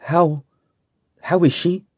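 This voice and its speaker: A man voicing a proud, quick-tempered young woman officer in an audiobook, his voice lifted high for her. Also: steady tone, dry recording, studio quality. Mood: anxious. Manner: sharp, sudden outbursts. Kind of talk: audiobook character voice.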